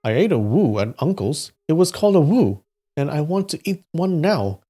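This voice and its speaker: A man voicing a foolish, stubborn husband in a folktale reading, his voice jumping high and low. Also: very animated, moderate pace, mellow, breathy edge. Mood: eager. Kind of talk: storybook reading.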